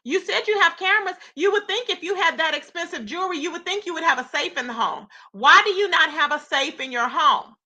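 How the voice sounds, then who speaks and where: A woman's voice: very high-pitched, a little fast, few pauses, bright, forceful tone. A woman hosting a live gossip commentary stream, reacting with incredulous rhetorical questions and greeting her chat. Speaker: commentary channel host.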